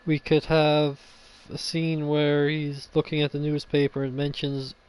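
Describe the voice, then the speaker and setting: A man's voice: on the high side, monotone, measured pace, a little mellow, smooth. A man chatting casually about his game ideas, rambling and thinking aloud, restarting sentences as he goes. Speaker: video game fan vlogger.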